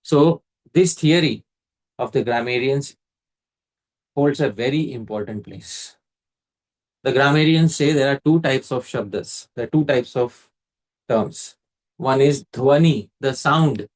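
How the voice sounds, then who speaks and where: A man teaches a scripture class in a calm, measured voice of ordinary pitch. He builds each point slowly and stops now and then to quiz a listener. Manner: measured and explanatory, quizzing the listener. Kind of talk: scriptural lecture.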